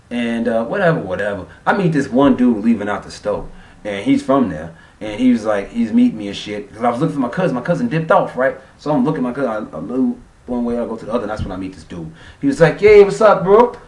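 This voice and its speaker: Man vlogger, profane rambling storytelling, lively pitch, roomy echo, off-mic. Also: brisk, far from the mic. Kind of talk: casual storytelling vlog.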